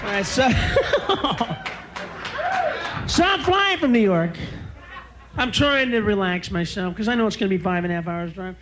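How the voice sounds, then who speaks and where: Stand-up comic, male, very high and lively voice, ranting with screams; noisy live recording. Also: a little slow, pauses often, crowd noise. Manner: ranting, bursts into shrieking screams. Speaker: stand-up comedian. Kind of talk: stand-up routine.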